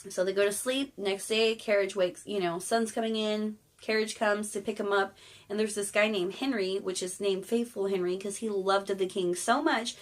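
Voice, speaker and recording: A woman's voice: mid-range voice, steady tone, moderate pace. Chill woman telling a fairy tale her own way, slangy, cusses, irreverent. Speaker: storyteller. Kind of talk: casual fairy tale retelling.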